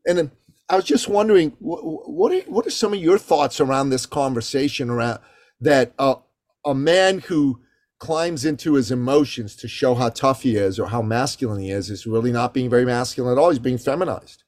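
A man in his fifties talking in a casual podcast conversation, animated and acting out what others say. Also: mid-range voice, brisk, no echo, clean studio sound. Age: 50s. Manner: animated, acts out voices of others.

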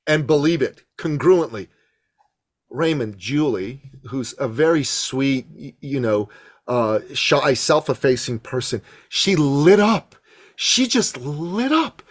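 A man telling an excited story as a podcast guest, repeating words and acting out what people said. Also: mid-range voice, takes it slowly. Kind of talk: animated storytelling.

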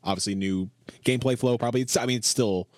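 A man's voice: medium pitch, steady tone, fast, a little mellow, no echo, clean studio sound. A man co-hosting a casual podcast chat, laid-back but enthusiastic, with some swearing. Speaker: podcast co-host.

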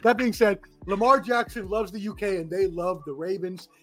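High-pitched guy hyped up talking football picks. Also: normal speed, soft background music. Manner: energetic, enthusiastic. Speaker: guest analyst. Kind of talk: casual sports talk.

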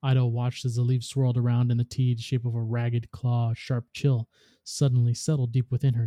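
Podcast host narrating a story, very dark mellow voice, dry sound. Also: male voice, mid-range voice, a little fast, no echo. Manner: steady storytelling read.

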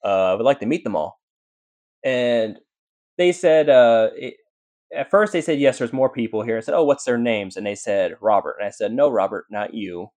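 A man's voice: medium pitch, normal speed, darkish tone. A man, a paranormal investigator, telling his stories as a podcast guest in a rambling way, full of fillers and restarts. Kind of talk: casual storytelling in a podcast interview.

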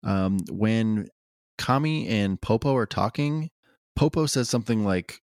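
A man's voice: lowish voice, expressive, a little slow, darkish tone, dry recording, clean studio sound. A young man co-hosting a podcast in casual chat, rambling and hedging with lots of "like". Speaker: podcast co-host.

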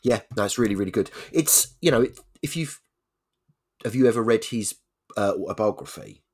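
A man's voice: lowish voice, lively intonation, normal speed, a little mellow, breathy edge. A man, a podcast co-host chatting casually and rambling. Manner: rambling, many fillers and restarts. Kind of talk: casual chat.

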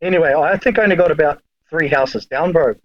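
A man's voice: a little high, fairly quick, highs cut off. A man, a podcast guest telling long, rambling stories in casual chat, swearing freely and full of fillers.

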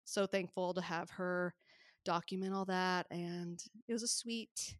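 A woman's voice: on the low side, a little slow, no room sound, studio quality. A woman in her thirties, a podcast co-host chatting casually and laughing easily. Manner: relaxed storyteller, laughs often. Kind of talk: casual chat.

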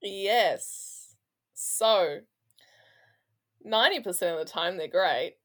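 A woman with a New Zealand accent tells work stories in a casual interview. She is animated and funny and builds each anecdote with plenty of energy. Her speaking pitch sits in an ordinary middle range. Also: takes it slowly. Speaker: plumber, podcast guest.

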